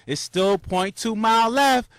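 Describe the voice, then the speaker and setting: A young man casually recounting a marathon, animated and full of slang, jumping into high shouts when he acts out cheering crowds. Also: a little slow, no room sound, clean studio sound. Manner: loose, repetitive slang with many restarts. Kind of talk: casual storytelling monologue.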